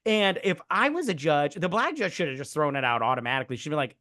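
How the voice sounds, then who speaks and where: A man co-hosting a casual movie review podcast, retelling scenes in an animated way and acting out the characters with profanity. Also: on the high side, brisk. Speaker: podcast co-host.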